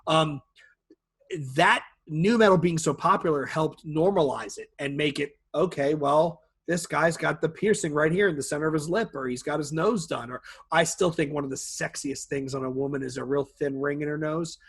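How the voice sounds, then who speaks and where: Animated, husky-voiced man. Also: on the high side, normal speed. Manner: animated storyteller, laughs often, profane. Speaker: podcast co-host. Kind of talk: casual chat.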